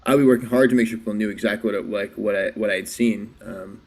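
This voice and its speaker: Podcast guest, man with a lowish voice, musing, halting and full of restarts. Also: fairly even intonation. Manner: hesitant, restarts often, thinks aloud. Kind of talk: casual podcast chat.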